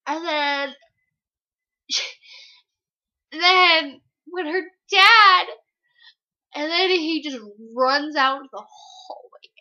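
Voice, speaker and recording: A woman's voice: high-pitched, pushed and bright, highs cut off. A young woman giving a casual book review vlog, gushing, giggly and rambling.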